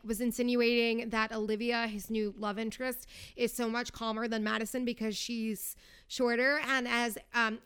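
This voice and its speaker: A woman's voice: fairly high pitch, pushed and bright, smooth. A young woman hosting her own podcast, chatting casually in a sarcastic, tongue-in-cheek way. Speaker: podcast host. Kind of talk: casual solo podcast chat.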